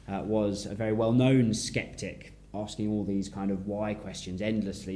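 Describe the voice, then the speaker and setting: A man's voice: lowish voice, warm tone. A man preaching a sermon to his congregation, talking it through in a conversational, wondering way and putting questions to the room. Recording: echoey room.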